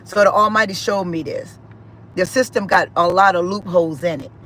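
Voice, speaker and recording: A middle-aged woman speaks in a bright, forceful voice, piling up repeated phrases as she tells her own story. Her delivery is emphatic and emotional, like spoken testimony. Faint background noise runs under her voice. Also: lowish voice, moderate pace, poor audio. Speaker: spiritual speaker. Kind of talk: personal testimony.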